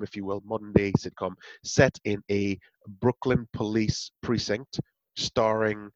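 Raspy, rambling male radio host. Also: fairly low pitch, no echo, highs cut off. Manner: rambling, self-correcting. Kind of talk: casual radio chat. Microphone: video call.

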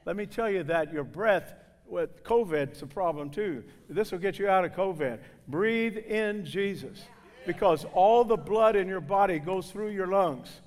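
A man from southern Indiana preaching a sermon to a congregation, loud and exclaiming, with folksy jokes. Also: high voice, normal speed. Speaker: guest preacher. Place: church sanctuary. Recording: reverberant hall.

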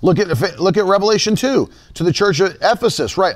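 High-pitched animated male preacher. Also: a little fast. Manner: emphatic, repeats key phrases, reads scripture aloud. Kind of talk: sermon.

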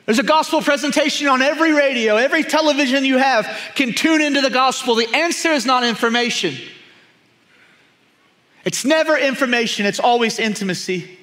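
A man preaching a sermon, emphatic and repetitive, often dropping to a hushed, intense tone. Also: extremely high pitch, fairly quick. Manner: emphatic, repeats key phrases, drops to hushed intensity.

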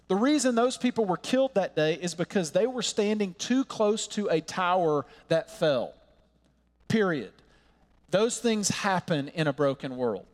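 A man preaching a sermon as pastor, earnest and impassioned, slowing down to stress his points. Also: high voice, lively intonation. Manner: earnest, impassioned preaching with slow emphatic pauses. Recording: long hall reverb.

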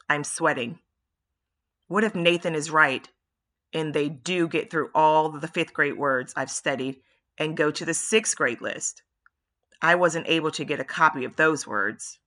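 A woman reading a first-person audiobook chapter in a steady, measured way. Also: low voice. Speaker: audiobook narrator.

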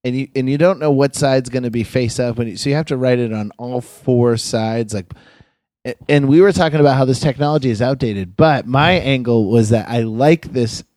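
A man's voice: medium pitch, normal speed, darkish tone, no room sound, studio quality. A man co-hosting a podcast, joking and teasing playfully and laughing a lot. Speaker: podcast co-host. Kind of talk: casual podcast chat.

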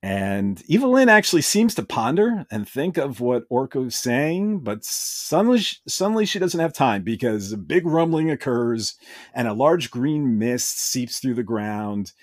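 A man's voice: mid-range voice, sing-song, a little slow, no room sound, studio quality. Enthusiastic man recapping a show. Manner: enthusiastic, retells scenes with brief quoted voices. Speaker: podcast host. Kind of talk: casual episode recap.

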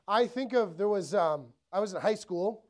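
A man preaching from the pulpit in a relaxed, chatty way. He keeps checking in with the congregation through rhetorical questions and slips into quick acted voices for the thoughts he describes. The sound is of a church sermon. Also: sits high. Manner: conversational, asks the room rhetorical questions; acts out inner thoughts in quoted voices. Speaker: pastor.

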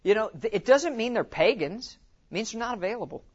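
A man giving an animated teaching talk at a conference. He tells it like a story, acts out quotes and often says "you know". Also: high-pitched, a little fast, husky, dull audio. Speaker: conference speaker.

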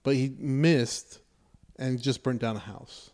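Podcast co-host, man, mellow and dark-toned, sarcastic and animated storyteller, casual and profane. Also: mid-range voice, slow pace. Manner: animated retelling, acts out characters' lines with sarcasm. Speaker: podcast co-host reviewing a movie.

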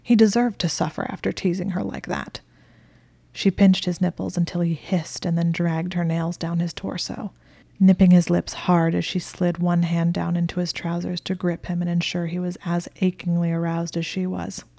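Low gravelly whispering woman narrator. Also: level tone, no room sound. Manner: hushed, slow and breathy. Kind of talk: whispered role-play.

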